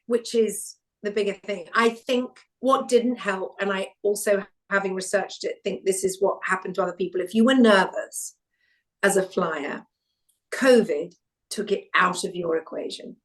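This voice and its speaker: A middle-aged woman from England, a guest in a casual chat, telling stories with animated quoted voices. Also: mid-range voice. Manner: animated storytelling, acts out quotes. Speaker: podcast guest, broadcaster.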